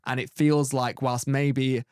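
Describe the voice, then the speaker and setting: A man's voice: medium pitch, flat delivery, slow, clean tone, no room sound, studio quality. Rambling male tarot reader. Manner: rambling, many "like" fillers and restarts; earnest and reassuring. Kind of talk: tarot reading conversation.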